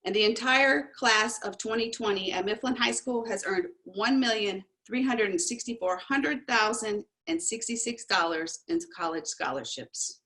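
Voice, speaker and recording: A woman high school principal reading a formal graduation address, reciting figures in a measured way. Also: expressive, bright, forceful tone, low-quality recording.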